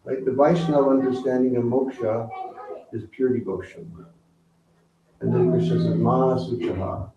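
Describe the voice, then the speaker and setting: A man giving a spiritual talk, teaching slowly and asking the audience questions. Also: mid-range voice, fairly even intonation, very noisy. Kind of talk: sermon. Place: temple hall with audience. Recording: roomy, distant, dull hall recording.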